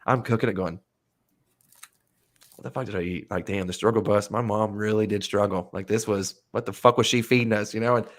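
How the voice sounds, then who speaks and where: A man hosting a podcast, telling rambling, animated stories in casual chat and swearing freely. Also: lowish voice, quick pace, few pauses. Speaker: podcast host.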